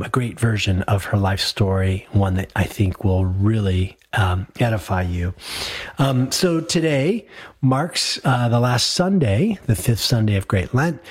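A man, a priest hosting a live call-in radio show, his voice gravelly and hoarse from illness, talking in a relaxed, rambling way with many fillers. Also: lowish voice, dry recording, studio quality.

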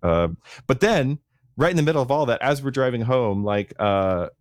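A man co-hosting a podcast tells stories in a casual chat, rambling and using many fillers. His medium-pitched voice has lively intonation and a moderate pace. The sound is clean studio audio with no echo.

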